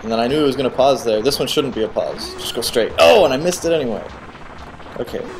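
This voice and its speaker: A man giving casual, excitable commentary while playing a video game, cheering on the character and guessing at the boss's moves. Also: medium pitch, fast, a little hiss or hum. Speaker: let's play host.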